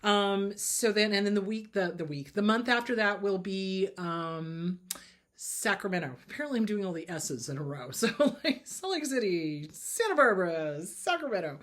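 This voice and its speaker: A woman's voice: medium pitch, expressive, moderate pace. A woman hosting a casual advice talk as a therapist, answering viewer questions in a blunt, emphatic way and repeating her advice firmly. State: slightly choked up, clearing throat.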